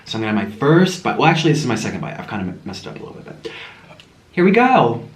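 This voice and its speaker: Speaking quickly in a sing-song, mid-range voice, a man chats gushingly to viewers while eating on camera at home, now and then with his mouth full. The room is echoey, with faint music playing.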